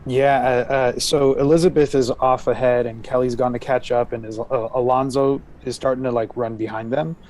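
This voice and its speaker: Brief: mid-pitched man, hesitant roleplay player, stammers and restarts often. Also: fairly even intonation, moderate pace, few pauses, a little mellow. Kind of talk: in-character roleplay.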